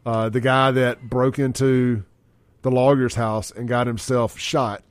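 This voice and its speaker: A man's voice: medium pitch, little pitch movement, unhurried, no echo. A man hosting a radio talk show, brash and joking as he reads out the text line and phone line.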